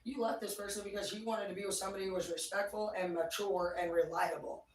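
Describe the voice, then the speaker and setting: A woman's voice: medium pitch, fairly even intonation, fast talker, distant mic, slight background noise. A woman giving a casual tarot reading, blunt and rambling, swearing freely. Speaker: tarot reader. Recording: echoey room, voice away from mic.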